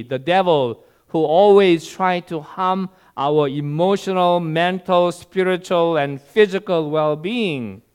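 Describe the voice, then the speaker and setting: A man preaching a sermon, telling a story with a slow, deliberate delivery. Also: on the high side, clean tone.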